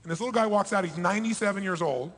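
A man giving a motivational seminar speech to a live audience, emphatic and swinging between loud bursts and hushed lows. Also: rapid-fire, big-room sound. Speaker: motivational speaker. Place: large hall before a live audience.

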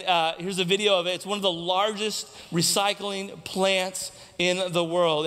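High-voiced male pastor preaching in a hall. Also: bright, forceful tone. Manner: preaching with rhetorical questions to the congregation; repeats key lines for emphasis. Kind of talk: sermon. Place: church sanctuary. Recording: long reverb of a church hall.

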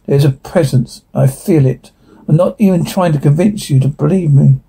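A man's voice: fairly high pitch, normal speed, vocal fry, dark tone, husky, full character voice. A man reading the part of an anxious middle-aged mother who pleads urgently with a priest. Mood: pleading.

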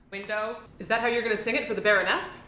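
A woman playing a fussy, exasperated high school choir director who bursts into operatic singing. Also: sharp tone, echoey room, poor audio. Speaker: comedian. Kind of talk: comedy sketch.

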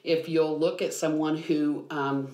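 A woman's voice: low voice, little pitch movement, unhurried, dark tone. A woman biblical counselor explaining things earnestly in a podcast conversation, with frequent ums. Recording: roomy echo.

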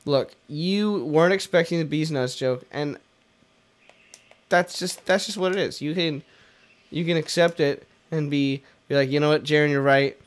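A man's voice: a little high, a little slow. A young man hosting a let's play, rambling jokily and self-deprecatingly as he plays. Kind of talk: casual gameplay commentary.

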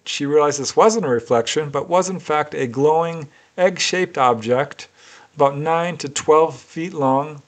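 A man narrating a case in a measured, deliberate way, as a storytelling researcher. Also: a little high.

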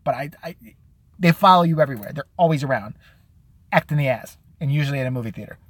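A man's voice: mid-range voice, animated, fast, dry recording. A man hosting his own show, delivering a crude, sarcastic comedic rant and slipping into mocking impressions of other people. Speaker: show host.

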